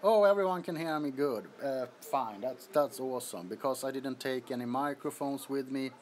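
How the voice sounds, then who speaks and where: Sweaty from the heat, a livestream host chats casually from his apartment bedroom, greeting viewers and laughing often. His voice sits at a medium pitch and moves at normal speed, a little mellow, and the phone recording carries a slight hiss or hum.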